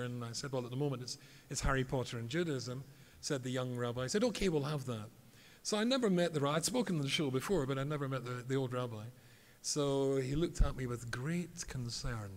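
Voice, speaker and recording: A man, a rabbi giving a humorous storytelling lecture, wry and self-mocking. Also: mid-range voice. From England. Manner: wry, self-mocking, tells jokes and does voices. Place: convention hall. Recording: reverberant hall, faint background noise.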